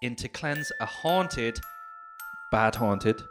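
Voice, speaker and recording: A man's voice: medium pitch, expressive, takes it slowly, over music. A man co-hosting a casual chat, reading a news story aloud with jokey, sweary asides and frequent laughs. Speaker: podcast co-host.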